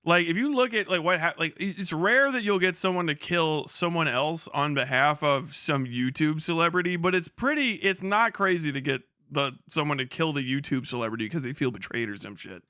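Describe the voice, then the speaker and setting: A young man streaming live and riffing in loose, profane commentary, mocking and laughing between rants. His voice is bright and sharp and sits a little high for a man. The sound is dry and close, with no room around it. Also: brisk, hardly any pauses, no room sound. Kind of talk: casual livestream commentary.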